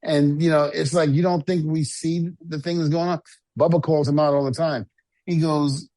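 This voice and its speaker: A man's voice: a little high, little pitch movement, moderate pace, a little mellow, no echo. Blunt, dry-voiced middle-aged man. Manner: blunt, repeats words as he talks. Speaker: co-host and retired wrestler. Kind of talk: casual podcast chat.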